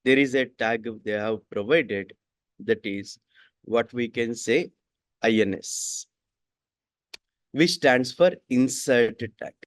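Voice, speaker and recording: Man, coding instructor, repeats himself, very slow pace, dry recording. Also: medium pitch, no room sound. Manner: repeats each sentence twice, slow and deliberate. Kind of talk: classroom coding lesson.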